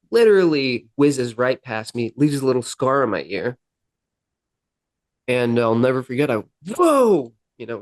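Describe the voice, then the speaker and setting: A young man, a podcast guest, telling his own story candidly, with halting restarts. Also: medium pitch, no echo. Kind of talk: personal storytelling.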